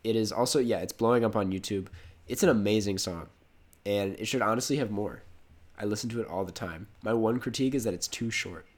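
A man's voice: on the low side, fairly quick. A young man with a cold hosting a casual podcast, rambling and correcting himself, laughing easily. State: has a cold. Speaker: podcast host.

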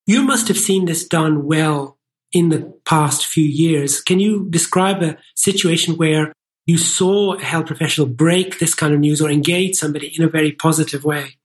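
Interview host, measured, encouraging, mid-range voice. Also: medium pitch. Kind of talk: interview questions.

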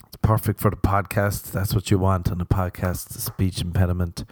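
A man's voice: low-pitched, little pitch movement, moderate pace, a little mellow, no echo, studio quality. A young man hosting a solo comedy podcast, rambling through irreverent, sweary jokes. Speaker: podcast host.

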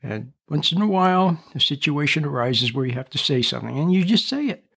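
A man hosting a reflective radio talk, speaking in a calm, repetitive, teaching way. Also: a little high, a little fast, gravelly, breathy edge.

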